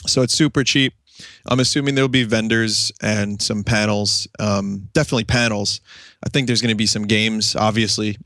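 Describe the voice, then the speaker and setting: A man's voice: on the low side, a bit bright, dry recording, studio quality. A man co-hosting a casual gaming podcast, laid-back, joking and profane, voice a bit strained. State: voice strained after a convention. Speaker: podcast co-host.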